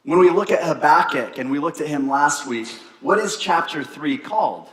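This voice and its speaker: A young adult man preaching a sermon, his voice sitting a little higher than most men's. He moves between storytelling and light, self-mocking jokes, and his level rises and falls for emphasis. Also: expressive, normal speed, fairly bright tone, slightly rough. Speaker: pastor.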